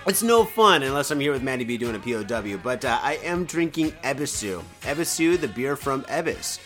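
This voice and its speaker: Animated, profane podcast host man. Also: mid-range voice, brisk, soft background music. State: tipsy. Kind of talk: casual solo podcast chat while drinking. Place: home in Japan, indoors.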